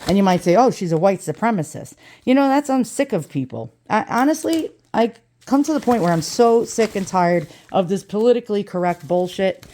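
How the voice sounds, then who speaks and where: A middle-aged woman, ranting in a profane, rambling vlog with quick asides. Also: medium pitch, lively intonation, warm tone, a little hiss or hum. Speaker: vlogger.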